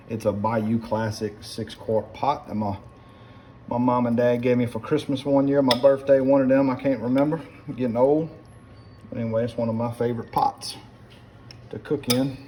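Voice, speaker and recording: A man's voice: medium pitch, noisy background. Folksy South Louisiana man cooking. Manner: folksy and chatty, keeps addressing viewers as guys. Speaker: home cook. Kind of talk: casual cooking demonstration. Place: home kitchen. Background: pots and utensils clinking.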